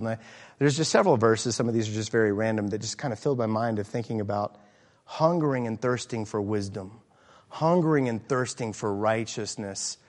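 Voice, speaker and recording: A middle-aged pastor preaching an earnest sermon, often pausing with fillers and restarts. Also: male voice, lowish voice. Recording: hall reverb.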